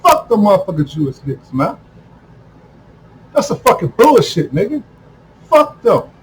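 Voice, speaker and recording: Guy with a really high voice going off in an angry rant, swearing nonstop, shouts now and then. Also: big pitch swings, moderate pace, slight background noise, low-quality recording. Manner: heated, repetitive, swears constantly, bursts into shouting. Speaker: video commentator. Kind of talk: profane ranting monologue.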